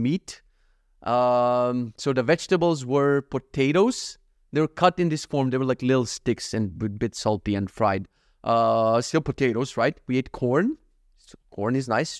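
A man's voice: on the high side, moderate pace, smooth, dry recording, studio quality. A man from North Macedonia, telling a story in a casual, profane, ranting vlog monologue. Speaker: vlogger.

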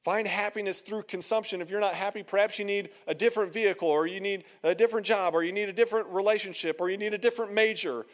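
A man's voice: high-pitched, fast talker, few pauses, big-room sound. A man preaching a sermon as pastor in a conversational way, acting out the voices he quotes. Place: church hall.

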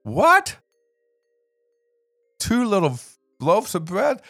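A man voicing Fred, an eager, hungry young boy, in a whiny, excitable voice. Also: fairly high pitch, a little slow, faint music behind, pitched above the performer's own voice. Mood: excited.

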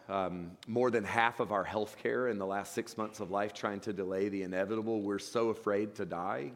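A man preaching a sermon in a relaxed, conversational way, often restarting phrases as he talks. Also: on the low side. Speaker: pastor. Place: church sanctuary. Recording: long hall reverb.

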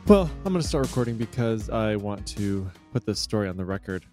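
Animated low-voiced male podcast host. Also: fairly quick, over music. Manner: animated storyteller, acts out exchanges. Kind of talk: casual chat.

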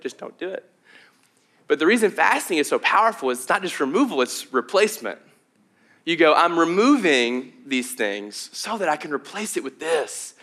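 A man's voice: mid-range voice, sharp tone. A young adult man preaching a sermon as pastor, in a conversational, earnest way with frequent fillers and restarts. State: out of breath.

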